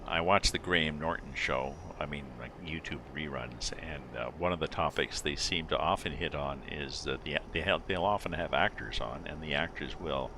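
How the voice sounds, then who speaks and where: A man's voice: extremely low pitch, normal speed, hardly any pauses. A middle-aged man streaming a driving game, chatting casually with his viewers and rambling as he thinks aloud with lots of fillers. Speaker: livestreamer playing a driving game. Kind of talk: casual chat with live viewers. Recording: game vehicle noise underneath. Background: truck engine and road sounds from the game.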